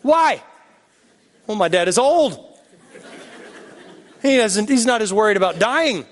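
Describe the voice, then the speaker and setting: Lively high-voiced male preacher. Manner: animated and joking, then slow and hushed in prayer. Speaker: pastor. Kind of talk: sermon.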